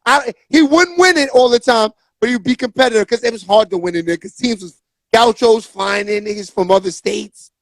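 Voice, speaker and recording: A man's voice: extremely high pitch, a little fast, a bit bright, no echo. A man hosting a casual chat, mostly reacting with short remarks and questions.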